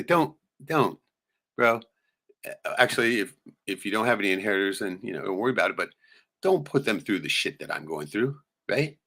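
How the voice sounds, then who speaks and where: A man's voice: fairly low pitch, animated, moderate pace, creaky, long pauses. A middle-aged man streaming live, swearing freely and rambling through stories while showing photos. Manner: profane, rambling storyteller with sudden loud jumps. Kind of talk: casual venting monologue showing photos.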